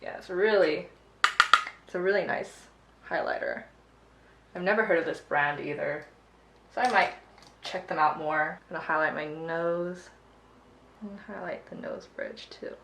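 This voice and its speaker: A woman's voice: on the low side, a little slow, creaky, long pauses, fairly bright tone, reverberant, slight background noise. A young woman chatting casually while doing her makeup, telling a story with plenty of swearing. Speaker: beauty vlogger. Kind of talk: casual get-ready-with-me chat.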